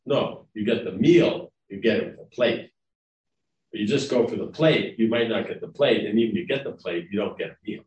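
His voice is lowish and darkish in tone, a bit fast, and the audio is lo-fi. The man is a spiritual lecturer giving a devotional class, wandering conversationally and regularly checking with those listening, recorded roomy and far from the mic.

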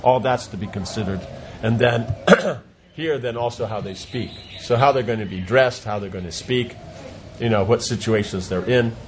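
A man's voice: medium pitch, moderate pace. A man teaching a class in an informal discussion, explaining with everyday examples and checking that students follow. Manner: explains with everyday examples, often asks if it makes sense. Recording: dull lo-fi sound with light noise.

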